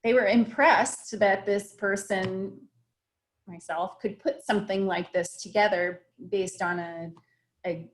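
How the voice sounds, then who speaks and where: A woman restaurant owner talks over a video call from her home office. She tells her story in a reflective way, with plenty of fillers and small restarts, and her voice sits at an ordinary middle pitch.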